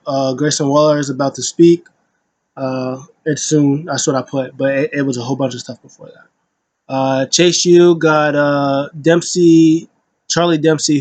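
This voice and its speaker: A man's voice: medium pitch, a little mellow. A man casually recapping a wrestling show, rambling with lots of fillers and briefly paraphrasing the wrestlers.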